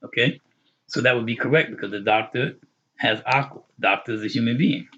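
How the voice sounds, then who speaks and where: A man explains Arabic grammar in an online lesson, going over each term more than once. His voice is husky and mid-pitched. The recording sounds dull and lo-fi. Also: pushed and bright. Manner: patient, repetitive explaining with quick English glosses. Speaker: Arabic teacher.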